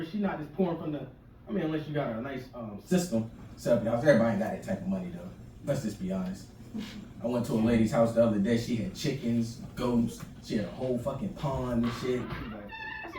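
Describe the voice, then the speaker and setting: A man's voice: on the high side, darkish tone. A man doing a loose, profane stand-up rant on stage, often laughing at his own jokes. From Maryland. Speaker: stand-up comedian. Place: comedy club stage. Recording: echoey club from a distance with noise.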